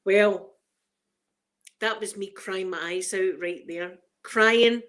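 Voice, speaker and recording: A middle-aged Scottish woman hosts a casual livestream, speaking slowly in a medium-pitched, fairly bright voice. She's emotional, holding back tears as she greets viewers by name.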